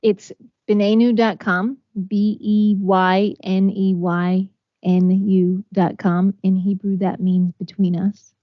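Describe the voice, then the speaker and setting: A woman's voice: mid-range voice, little pitch movement, slow pace, dry recording, muffled recording. A woman from Texas, a guest in a conversational interview, speaking earnestly with frequent fillers and restarts. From Texas, USA. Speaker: interview guest, organization founder.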